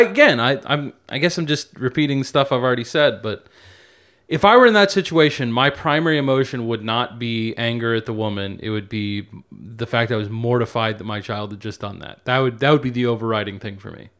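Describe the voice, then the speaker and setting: A man co-hosts a podcast in easygoing chat, speaking a little quickly in a mid-range, fairly bright voice. He rambles, restarts often, and swears now and then.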